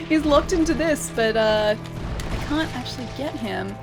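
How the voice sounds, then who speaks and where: A woman's voice: on the high side, lively intonation, normal speed. Chatty Australian woman streaming over game music. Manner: chatty, laughs often, reads chat aloud and reacts to the fight. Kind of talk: casual live-stream chat while gaming. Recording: game music clear behind the voice.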